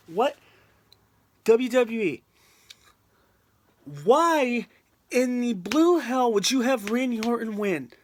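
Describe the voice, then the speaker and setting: A video reviewer ranting in an exasperated, emphatic way, often repeating the same point. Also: high-pitched. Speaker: wrestling reviewer on a video channel.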